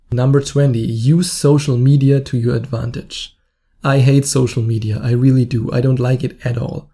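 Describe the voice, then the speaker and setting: Male podcast host, German accent, dark gravelly tone, casual joking delivery. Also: medium pitch. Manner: self-mocking, blunt, joking asides. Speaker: dating coach podcast host. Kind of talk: casual advice monologue.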